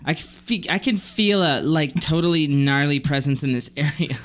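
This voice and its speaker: A woman's voice: sits low, normal speed, lightly acted. A woman reading a ditzy young valley girl ghost hunter, full of bubbly valley girl slang.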